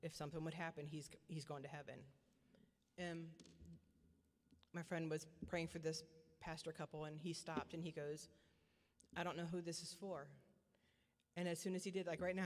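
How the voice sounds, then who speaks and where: A woman's voice: low-pitched, darkish tone. Earnest middle-aged woman, reverberant church hall. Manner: earnest, repetitive, halting with many restarts. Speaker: parent giving a testimony. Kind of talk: personal testimony.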